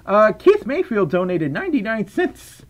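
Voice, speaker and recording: Animated, high-voiced young male streamer. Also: moderate pace, lo-fi sound. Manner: animated, stammering restarts, playful. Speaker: livestreamer reading chat and donations. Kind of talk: casual livestream chat.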